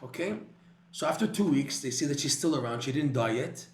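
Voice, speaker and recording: A man's voice: medium pitch, expressive, brisk, echoey room, a little hiss or hum. A man teaching a Torah class, telling a story animatedly with frequent restarts and repeated words.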